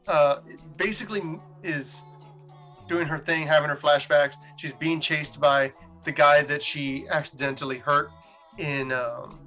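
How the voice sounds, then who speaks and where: A man hosting a casual story recap, animated and laughing as he goes. His voice is bright and sits a little high, with faint music underneath. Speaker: host.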